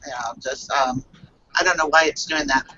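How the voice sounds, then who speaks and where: A woman who works as a psychic reader tells a personal story on a video call, halting and earnest, with many fillers and restarts. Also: sits low, steady tone, bright, forceful tone, husky, no room sound, muffled recording.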